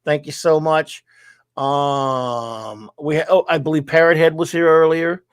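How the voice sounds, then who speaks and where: A man's voice: a little high, fairly even intonation, unhurried, smooth, no room sound. A man hosting a casual live show, rambling and joking at his own expense. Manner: rambling, self-deprecating joker. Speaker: host. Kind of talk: casual livestream chat.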